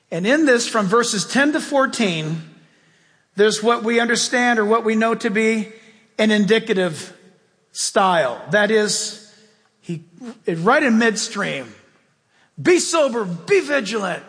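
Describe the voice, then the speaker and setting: A man's voice: high voice, expressive, slow, fairly bright tone. A man pastor preaching a sermon in a church, emphatic and conversational with folksy asides. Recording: long reverb of a large hall.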